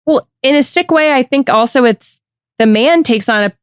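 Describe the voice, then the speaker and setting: Smooth-voiced woman podcast host. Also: high-pitched, normal speed, no room sound, studio quality. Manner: frank, reflective, thinks aloud. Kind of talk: candid podcast chat.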